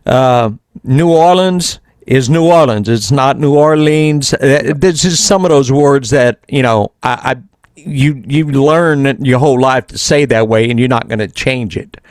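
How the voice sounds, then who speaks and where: A man in his sixties from Louisiana with a Southern accent, hosting a casual chat. His voice sits at a middle pitch and sounds dry and close. He explains how words are said in a relaxed, patient way. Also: unhurried, no room sound. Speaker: show host, radio broadcaster.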